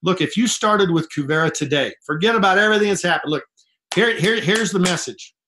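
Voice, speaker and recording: A man with a slightly high-pitched voice delivers a pushy motivational talk. He hammers his points with repetition and emphatic phrasing. The sound suggests a conference call line. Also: fairly quick, sharp tone. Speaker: network marketing distributor. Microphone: phone call.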